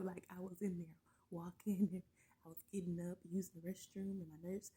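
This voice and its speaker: Woman, middle-aged, gravelly, husky and breathy, dark mellow tone, halting with many fillers, near tears. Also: fairly low pitch, level tone, poor audio. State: emotional, close to tears. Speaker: vlogger sharing her story. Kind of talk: casual personal storytelling.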